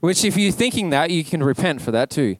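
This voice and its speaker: A man's voice: fairly high pitch, lively intonation, a little fast, no room sound. A man with an Australian accent preaching a casual, conversational sermon in church, telling stories in a chatty way full of "like". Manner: chatty storytelling, peppered with "like". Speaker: pastor.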